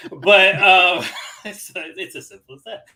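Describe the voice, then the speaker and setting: A man's voice: sits high, slow, pushed and bright, low-quality recording. A man from New Hampshire co-hosting a casual movie podcast, rambling with restarts and frequent laughs. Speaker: podcast co-host. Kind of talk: casual movie-review chat.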